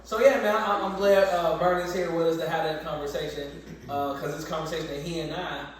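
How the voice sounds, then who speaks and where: A man's voice: fairly high pitch, fairly even intonation, fairly quick. A man hosting a casual group talk, joking and stumbling over his words as he introduces a guest. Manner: joking, loose, repeats words. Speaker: podcast host. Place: barbershop. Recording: echoey room, mic far off.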